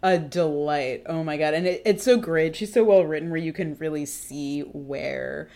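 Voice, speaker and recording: Low-voiced woman, casual podcast chatter. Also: moderate pace, dark tone. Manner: chatty, filler-heavy, laughs often. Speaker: podcast co-host. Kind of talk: casual chat.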